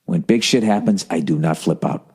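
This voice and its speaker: A man's voice: deep voice, normal speed, a little mellow, breathy edge. A man in his forties from the United States, a podcast host and comedian, rambling in a profane, self-mocking monologue. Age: 40s.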